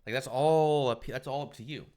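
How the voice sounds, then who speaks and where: A man's voice: mid-range voice, normal speed, mellow. A man co-hosting a casual chat, speaking reflectively in short statements. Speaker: podcast co-host.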